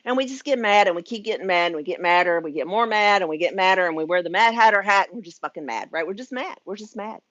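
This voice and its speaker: A woman's voice: on the low side, quick pace, hardly any pauses, a bit bright, no room sound, dull audio. A middle-aged woman from the United States, a spiritual life coach venting frankly to her viewers at home, chatty, swearing and laughing, sweaty. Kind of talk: casual vlog rant.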